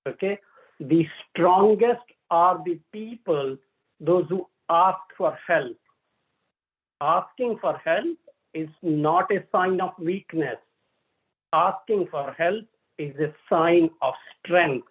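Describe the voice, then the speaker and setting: A man's voice: sits high, animated, slow. A man in his forties from India giving a motivational workshop talk on a video call, chatty and often checking in with "okay?". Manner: conversational, checks in with listeners, frequent "okay?". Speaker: workshop speaker. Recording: tinny phone-like call audio.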